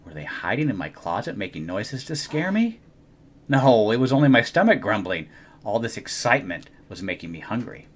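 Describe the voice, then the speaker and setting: A young adult man reading a children's storybook aloud in an expressive, animated way. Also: lowish voice, moderate pace, a little hiss or hum. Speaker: storybook reader.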